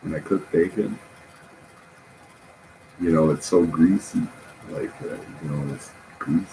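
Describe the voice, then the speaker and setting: A man talking in a rambling, halting casual monologue, often laughing at his own jokes. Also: a bass voice, mellow, slight background noise, poor audio.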